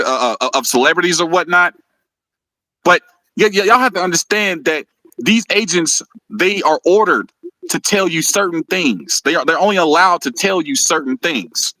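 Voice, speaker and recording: Male live-stream host. Heated and mocking, bright forceful voice, very dry sound. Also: a little high, no echo, rough recording. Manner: heated, mocking, laughs often, stumbles and repeats words. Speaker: host of a live video show.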